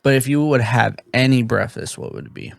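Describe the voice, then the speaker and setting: A man co-hosting a podcast, teasing his partner with quick interjections. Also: mid-range voice, creaky, dry recording. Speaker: podcast co-host. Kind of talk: casual podcast chat.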